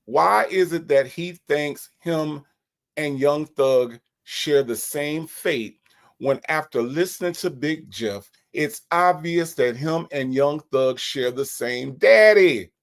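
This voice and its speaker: A man's voice: fairly high pitch, slow. A man hosting a casual commentary show, mocking and often restarting his sentences. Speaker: show host.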